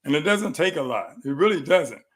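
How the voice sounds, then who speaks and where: A middle-aged man hosting a live health talk from his clinic room, telling animated stories and repeating phrases for emphasis. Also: fairly high pitch, a little fast, husky.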